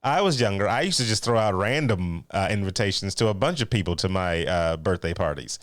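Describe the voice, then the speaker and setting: A young adult man co-hosting a casual live-streamed chat, talking in an animated, excitable way. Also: low voice, fairly quick, no room sound, studio quality. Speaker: podcast co-host.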